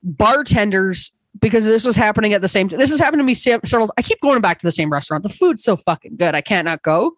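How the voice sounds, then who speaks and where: A woman's voice: medium pitch, fast, hardly any pauses, no echo, poor audio. A woman comedian in a casual podcast chat, telling stories with swearing and acted-out exchanges. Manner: animated storytelling, swearing, acting out exchanges. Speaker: comedian guest.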